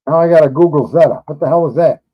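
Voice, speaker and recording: A man's voice: a little high, quick pace, dull audio. Blunt, profane New man. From New York. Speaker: livestream host. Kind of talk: casual livestream chat.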